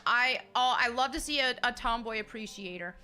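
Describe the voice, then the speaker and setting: Female game streamer, high bright voice, giggly and chatty, reads chat aloud. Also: moderate pace. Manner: chatty and giggly, with frequent fillers and restarts. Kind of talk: casual live-stream chat, reading viewer messages.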